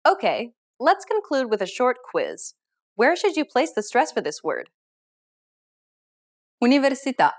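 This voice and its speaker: A woman teaching a scripted pronunciation lesson, explaining clearly and upbeat, modeling example words. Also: on the high side, wildly swooping pitch, moderate pace. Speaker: language teacher.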